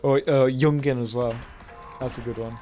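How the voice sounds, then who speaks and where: A man's voice: medium pitch, fairly even intonation, moderate pace, warm tone, faint music behind. A young man streamer chatting casually while gaming, rambling with lots of fillers and frequent laughter. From Britain. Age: young adult. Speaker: game streamer.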